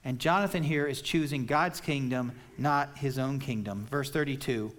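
A man's voice: mid-range voice, moderate pace, a bit bright. A man preaching an expository sermon, explaining scripture in a plain, conversational way. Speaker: pastor.

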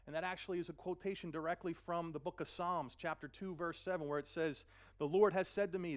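A man preaching a sermon, earnest, often repeating a word as he gathers his thoughts. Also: high-pitched. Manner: earnest, repeats words while searching, slows for scripture. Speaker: pastor.

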